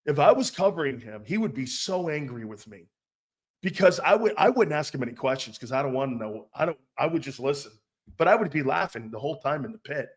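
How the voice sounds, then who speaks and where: A brash sports radio host riffs through a loud, profane rant. His man's voice sits a little high, and he keeps cutting in with a laugh. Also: sing-song, fairly quick, slightly rough.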